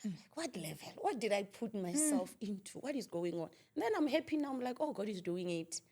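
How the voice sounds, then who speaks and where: A woman's voice: medium pitch, big pitch swings, brisk, warm tone, husky. Woman telling her story. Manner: vivid storytelling, acting out quoted dialogue. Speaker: guest minister. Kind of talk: personal testimony in a podcast interview.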